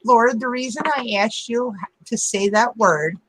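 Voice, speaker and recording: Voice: medium pitch, unhurried, fairly bright tone, low-quality recording. A guest with a Philadelphia-area accent, explaining plainly in a group chat. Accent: Philadelphia area American. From Pennsylvania, north of Philadelphia.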